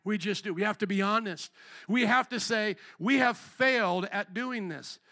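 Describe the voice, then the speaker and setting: An older man preaching with a high, gravelly voice and a bright, forceful edge. He drives the sermon with call-and-response lines and climbs into shouts at his peaks. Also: normal speed. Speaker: pastor.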